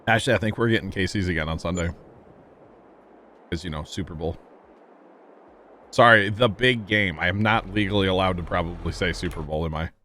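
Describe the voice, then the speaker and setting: Talking fast in a deep, fairly bright voice, this man is streaming a farming game. It's casual, joking, wry chat aimed at his viewers' chat, with a bit of background noise.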